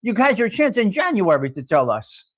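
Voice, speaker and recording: A man's voice: high-pitched, very animated, normal speed. A middle-aged man, hosting a live coffee chat stream and talking bluntly to viewers, joking and swearing freely.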